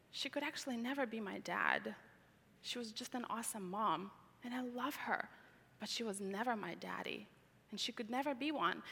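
A non-native English-speaking woman from Tajikistan tells her life story as a testimony, earnest and repeating key words for emphasis. Her voice is bright and a little high. The sound rings with the long reverb of a large hall. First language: not English. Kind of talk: personal testimony talk.

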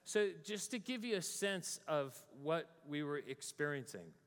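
A man's voice: a little high, sing-song, a little slow. An American man telling a story about his own travels to a live audience, acting out his panic in a raised voice. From United States. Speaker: speaker. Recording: long reverb of a large hall.

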